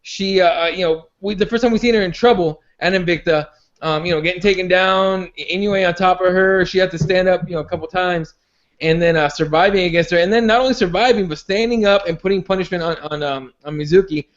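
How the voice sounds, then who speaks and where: A man with a noticeably high voice hosts a casual podcast chat. He rambles, repeats words and restarts his sentences, and the recording sounds dull and lo-fi. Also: fairly quick. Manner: rambling, many restarts and fillers. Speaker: podcast host.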